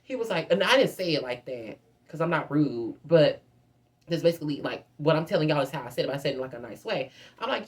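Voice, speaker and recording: A woman in her twenties telling a storytime in a chatty, animated way, constantly addressing her viewers as "girl.". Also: sits low, fast. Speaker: vlogger. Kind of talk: casual storytime.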